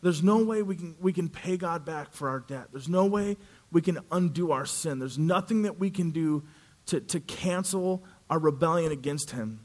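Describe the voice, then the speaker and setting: A male pastor preaching a sermon, telling a story with animated delivery and acting out the characters' voices. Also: on the high side, moderate pace.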